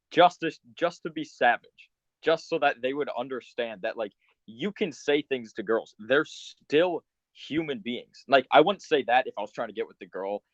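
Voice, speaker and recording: A man's voice: medium pitch, expressive, moderate pace, no room sound. A young man in his late teens in a casual chat, talking heatedly and full of "like" fillers. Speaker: guest. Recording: dry, dull lo-fi sound.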